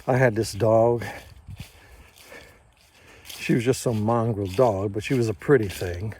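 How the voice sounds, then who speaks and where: A man's voice: lowish voice, steady tone, warm tone, slight background noise. Plainspoken older man telling a story. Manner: slow, measured, plainspoken, folksy. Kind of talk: first-person spoken storytelling.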